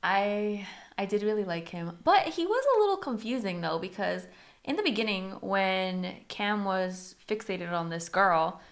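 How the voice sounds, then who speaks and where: A woman's voice: medium pitch, unhurried. A woman co-hosting a book podcast, retelling scenes in casual chat and acting out the characters' lines. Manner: animated, acts out characters' lines while retelling.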